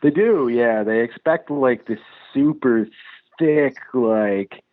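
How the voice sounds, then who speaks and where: A man's voice: medium pitch, slow, no room sound. Man, guest filmmaker, casual profane storyteller, from New England, tinny phone-like audio, dead dry sound. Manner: loose, profane, animated storytelling. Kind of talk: casual interview chat.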